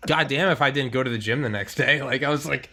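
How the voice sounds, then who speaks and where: A man's voice: mid-range voice, fast, background noise. A man hosting a podcast over a remote call, casual and laid-back, swearing freely and telling stories full of mimicked quotes. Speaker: podcast host. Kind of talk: casual chat.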